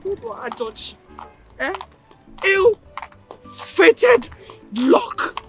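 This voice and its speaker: A woman's voice: on the high side, big pitch swings, measured pace, music in the background. An actress with a Nigerian accent playing an unhappy wife who dramatically laments her marriage. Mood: lamenting. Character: unhappy married woman regretting her husband.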